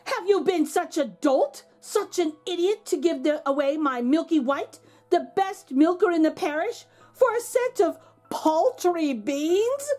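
A woman's voice: very high-pitched, animated, unhurried, darkish tone, faint music behind, pitched above the performer's own voice. A woman voicing a poor widowed mother who scolds her son indignantly, in a storybook reading. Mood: scolding.

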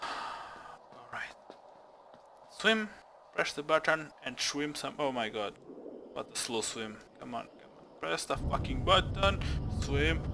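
A man's voice: medium pitch, lively intonation, slow, creaky, pauses often, noisy background. A man doing let's play commentary, swearing a lot, yelping and shrieking in panic and dropping to whispers when scared. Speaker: gamer playing through a horror game. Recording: loud game music behind the voice. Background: loud game music.

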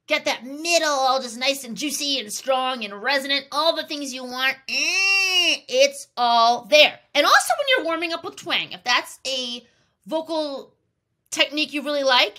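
A woman singing teacher giving an upbeat, encouraging vocal lesson with sung warm-up exercises over piano. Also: sits high. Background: piano accompaniment.

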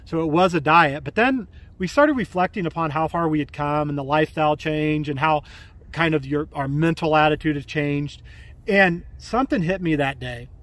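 Man, 40s, high-pitched; loose, filler-heavy vlog storytelling outdoors. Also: normal speed, fairly bright tone. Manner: rambling, full of fillers and restarts. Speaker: vlogger. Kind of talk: casual storytelling to camera. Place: outdoors by a community pool.

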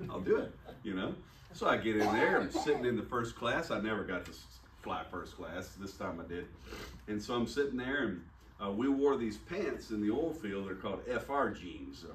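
A man's voice: lowish voice, slight background noise. A man preaching a sermon, telling a personal story in a conversational, self-deprecating way and acting out the dialogue. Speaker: pastor. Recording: echoey room, mic at a distance.

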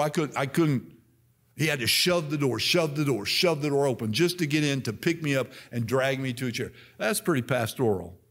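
A man's voice: medium pitch, fairly bright tone. A man in his sixties giving a folksy, conversational church address, repeating himself and leading the congregation in call-and-response. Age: 60s. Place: church sanctuary.

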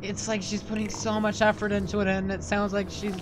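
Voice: medium pitch, completely flat delivery, a little fast, noisy background. A let's player giving casual gameplay commentary, rambling and jokey, with playful asides. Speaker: video game let's player.

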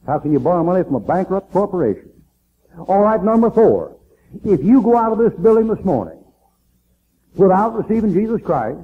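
A man preaching a fiery sermon in a church, folksy and emphatic, repeating lines for effect. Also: high-pitched. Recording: tinny, phone-like old tape recording.

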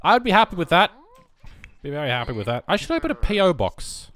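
An excitable man, rambling through casual gameplay commentary and bursting into shouts. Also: sits high, fast talker. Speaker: game streamer.

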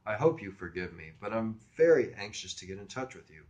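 A man's voice: big pitch swings, a little fast, a little mellow. A man doing a teen boy faking suave maturity. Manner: put-on suave, low. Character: smooth-acting teenage boy faking a mature voice. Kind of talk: audiobook reading.

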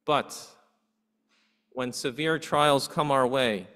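A man's voice: mid-range voice, slow pace, pushed and bright, clear, resonant tone. A man pastor preaching a sermon earnestly, asking his congregation rhetorical questions. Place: church sanctuary. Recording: long hall reverb in a church.

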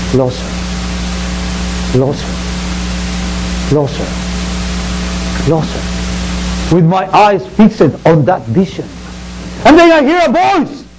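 A man's voice: sits high, a little mellow, a little hiss or hum, low-quality recording. A man preaching to children as a pastor, telling a Bible story in the first person in simple, broken English and acting it out theatrically.

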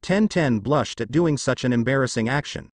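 A man narrating a fan fiction story in a plain, steady storytelling manner. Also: medium pitch, moderate pace, dry recording.

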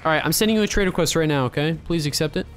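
A man hosting casual gaming commentary, chatty and excitable, talking to players over voice chat and bursting into loud cheers. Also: a little high, racing, soft background music, some chatter behind. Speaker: gaming YouTuber host.

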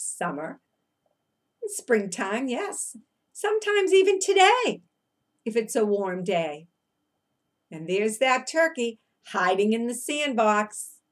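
Woman teacher reading to little kids, unhurried, very lively melody, coaxing questions. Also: mid-range voice. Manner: singsong chanting, coaxing questions. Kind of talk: read-aloud lesson for young children.

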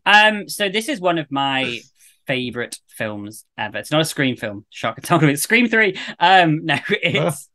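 Animated, bright-voiced male podcast host. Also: on the high side, a little slow. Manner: animated, jokey, rambling enthusiasm. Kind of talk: casual podcast chat.

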